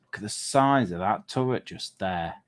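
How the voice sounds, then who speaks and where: A man with a fairly low voice hosts a model-making stream in casual chat. He reads viewer comments aloud and admires the builds, often dropping to soft murmured exclamations. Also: animated, moderate pace. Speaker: livestream host of a model-making channel.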